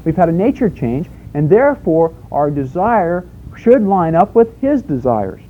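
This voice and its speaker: A man's voice: on the high side, very animated, a little slow, muffled recording. A man preaching a sermon in a conversational way, asking rhetorical questions and telling homespun stories.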